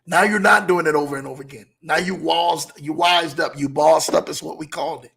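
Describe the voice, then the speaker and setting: Gravelly-voiced guy giving a motivational talk, kinda high, repeats stuff slow for emphasis. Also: bright, forceful tone. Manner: preachy, repeats key lines, slows for emphasis. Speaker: motivational show host.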